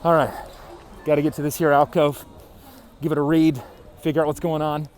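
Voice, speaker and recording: A man's voice: fairly high pitch, flat delivery, a little fast, crowd noise. A man giving playful showman-style commentary into a handheld camera outdoors during a race. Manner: loud, jokey showman patter. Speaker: race competitor. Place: outdoors at a resort cable-car station. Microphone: handheld camera turned on himself.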